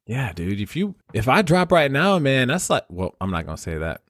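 A man co-hosting a podcast in loose, rambling chat, swearing freely. His pitch moves around a lot, and the recording is dry and close. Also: very animated, normal speed, fairly bright tone, no echo. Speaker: podcast co-host. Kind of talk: casual chat.

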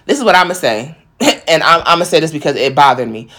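A woman's voice: low voice, big pitch swings, fast talker, fairly bright tone. A thirty-year-old woman chatting casually and speaking her mind. She is blunt and emphatic and swears freely. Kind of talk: casual chat.

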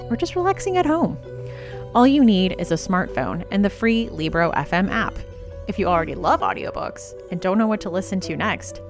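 Woman reading a sponsor spot over music. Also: medium pitch. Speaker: podcast host reading an ad. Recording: music bed behind the voice.

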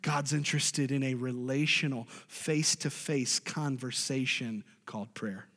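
A man preaching a sermon as a pastor, animated, with sudden loud, high bursts. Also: measured pace, long reverb tail. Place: church sanctuary.

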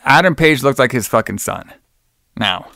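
A man's voice: medium pitch, expressive, normal speed, creaky, bright, forceful tone, no room sound, studio quality. A young man co-hosting a podcast, chatting casually about old wrestling shows, loose and profane, full of "like" and "brother". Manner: profane, rambling, says "brother" and "like" a lot. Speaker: podcast co-host.

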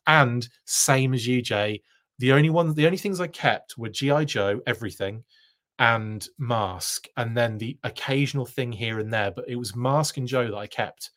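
A man's voice: medium pitch, moderate pace, a bit bright. Guy hosting a live stream, chatty and self-deprecating, mid voice, reads comments out. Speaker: live stream host reading chat. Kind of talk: casual live stream chat.

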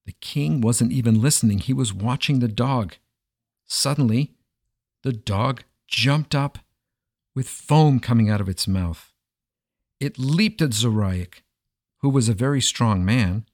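A man narrating a folk tale in an expressive, dramatic storytelling manner. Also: medium pitch, no room sound, studio quality.

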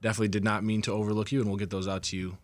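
A man co-hosting a podcast, speaking briskly in casual chat. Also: lowish voice, level tone, no room sound.

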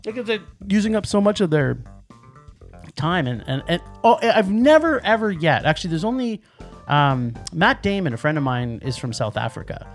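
Lively, rambling podcast movie reviewer. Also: medium pitch, moderate pace, soft background music. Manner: enthusiastic, rambling with restarts. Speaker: podcast co-host. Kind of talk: casual movie review chat.

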